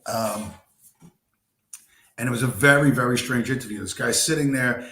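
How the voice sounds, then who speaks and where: A man's voice: mid-range voice, moderate pace, bright, forceful tone. A man hosting a casual live stream, telling a long story in a rambling, profane way, full of fillers and asides. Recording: roomy echo.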